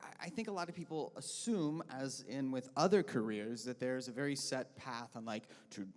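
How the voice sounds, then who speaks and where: A man's voice: medium pitch, normal speed, darkish tone, in a large hall. A man who is a trained singer and voice actor, explaining vocal technique in an earnest, explanatory way on a convention panel. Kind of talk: casual convention panel chat.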